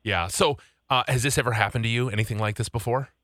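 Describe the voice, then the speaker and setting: A man hosting a casual radio call-in show, animated and joking as he reacts to callers. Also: medium pitch, fast, dry recording, studio quality. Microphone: studio microphone.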